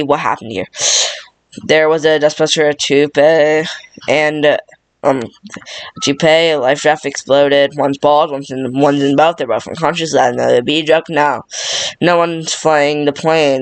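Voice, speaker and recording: Man rushing through a script in a monotone. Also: on the high side, no echo. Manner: monotone, stumbling over words. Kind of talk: hasty script read-through.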